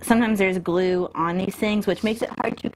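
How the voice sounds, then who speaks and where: A woman's voice: mid-range voice, fairly even intonation, normal speed. A woman chatting casually through a self-filmed lash tutorial, stopping herself mid-sentence and laughing at her own slips while she works. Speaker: beauty vlogger. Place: indoors at a mirror.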